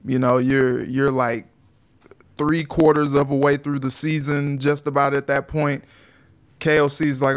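A man co-hosting a sports talk show in a relaxed, rambling way with lots of fillers. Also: mid-range voice, measured pace. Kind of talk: casual sports chat.

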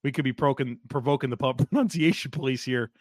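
A man's voice: mid-range voice, fast talker, a little mellow, no room sound. Easygoing male podcast co-host, dry mic. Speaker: podcast co-host, football analyst. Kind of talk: casual sports chat, reading listener takes.

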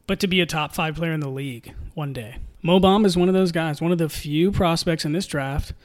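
A young man hosting a solo sports podcast, talking fast and jokily with frequent laughter. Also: sits high. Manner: animated, joking, laughs often. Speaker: podcast host.

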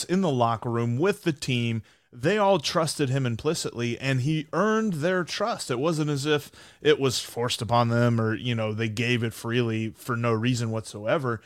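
A man's voice: mid-range voice, dry recording, studio quality. A man co-hosting a sports podcast, talking casually and analytically, with frequent stammering restarts. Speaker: podcast co-host.

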